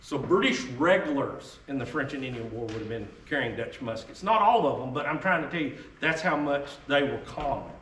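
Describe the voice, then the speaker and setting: This historical arms presenter has a mid-range, slightly bright voice with lively intonation, talking a little fast with few pauses. He tells history to a crowd in a folksy, jokey way, drifting into tangents. The echoey room, far-off mic, faint ambience, and slight background noise are all audible.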